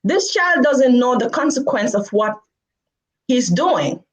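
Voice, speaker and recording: A woman's voice: on the high side, slow, low-quality recording. A woman vlogger telling a story and giving her views to camera, acting out the people in it. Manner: animated, acts out quoted people.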